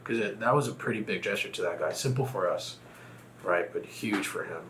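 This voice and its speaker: A man's voice: on the low side, fairly quick, fairly bright tone, slight background noise. A man from Texas, a guest in a casual conversation, talking reflectively and telling a personal story.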